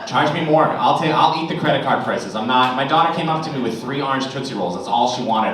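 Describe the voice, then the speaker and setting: A man's voice: medium pitch, animated, fast, few pauses, a bit bright. A man doing stand-up, his delivery exasperated and sarcastic. He talks into a stage mic, heard from far off in a very echoey club with a noisy crowd behind him. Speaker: stand-up comedian. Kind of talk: stand-up comedy. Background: audience laughter.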